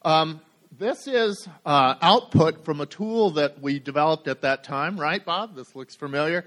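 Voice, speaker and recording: Middle-aged man presenting to a room, slightly higher voice, hesitant with lots of ums, dry wit. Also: fairly bright tone. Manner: halting, many fillers, dry humor. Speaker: conference speaker. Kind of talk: technical presentation.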